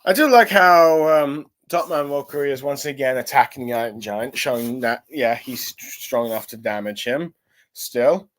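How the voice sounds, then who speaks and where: A man casually recapping and reviewing a comic chapter, rambling and filling pauses with many ums and self-corrections, sounding a little tired. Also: mid-range voice.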